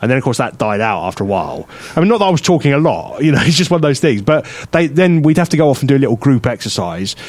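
A man's voice: mid-range voice, sing-song, fast, few pauses, darkish tone, dry recording. A man co-hosting a radio show, telling a rambling anecdote in casual chat, full of fillers and restarts. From England. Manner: rambling anecdotal storytelling with frequent fillers and laughs.

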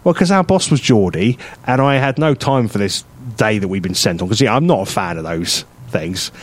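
With a fairly low-pitched, animated voice at a normal speed, this English radio co-host wanders through an anecdote during casual chat. His storytelling rambles, packed with fillers, restarts and laughter.

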